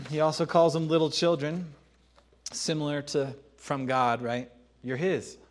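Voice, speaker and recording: A man's voice: a little high, flat delivery, measured pace. Conversational man preaching a sermon. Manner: conversational, emphatic with repeated phrases; laughs and clears throat between points.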